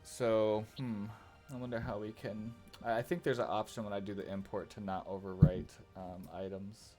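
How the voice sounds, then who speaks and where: A man running a tabletop game as game master, giving rulings and narrating scenes in an unhurried way. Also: fairly low pitch, flat delivery, dark tone, soft background music.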